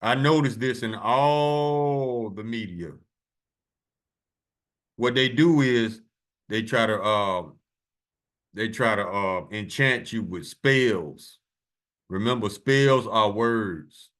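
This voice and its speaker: A man's voice: fairly low pitch, slow, long pauses, fairly bright tone. A man hosting his channel, giving a preachy commentary over video clips in a casual, emphatic way and hammering on key words. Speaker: channel host.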